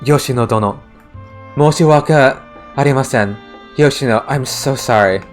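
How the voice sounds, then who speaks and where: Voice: medium pitch, moderate pace, faint music behind, pitched below the performer's own voice, close to an everyday voice. A streamer reading out a stiff, formal male retainer's game lines in a plain voice. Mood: apologetic.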